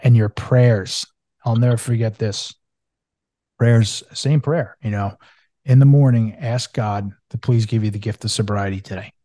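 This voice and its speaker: A man's voice: fairly low pitch, unhurried, mellow, dry recording. A male podcast host telling a personal story in a casual, eager and emphatic way.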